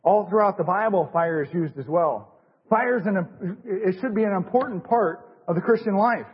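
In a church sanctuary, a middle-aged lay preacher delivers an informal sermon, folksy and repetitive, packed with fillers and restarts. His voice is high-pitched and slightly rough at a moderate pace, captured on a dull lo-fi recording in a large, reverberant hall.

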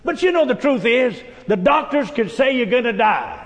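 A man's voice: very high voice, animated, moderate pace, long reverb tail. A man preaching a sermon, telling folksy stories and punctuating them with amens. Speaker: pastor.

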